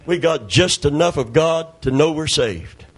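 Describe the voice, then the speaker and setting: A middle-aged man preaching a sermon, calling out to the congregation and breaking into loud shouts as he tells stories. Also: fairly high pitch, expressive, unhurried, breathy edge. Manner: call-and-response preaching, calls for amen, storytelling, sudden shouts.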